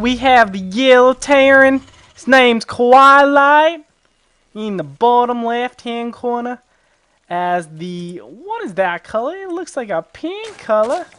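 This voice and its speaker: A man voicing a sassy Southern mother announcing esports players, with a put-on Southern accent in a high, brash drawl. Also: slow, a bit bright, clear, resonant tone, no echo, exaggerated voice.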